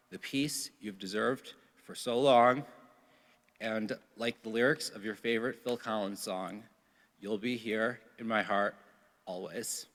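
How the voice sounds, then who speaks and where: Son's earnest eulogy in a reverberant hall. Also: male voice, lowish voice, fairly bright tone. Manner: emotional, earnest address. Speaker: son of the deceased. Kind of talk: memorial eulogy. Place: memorial service hall.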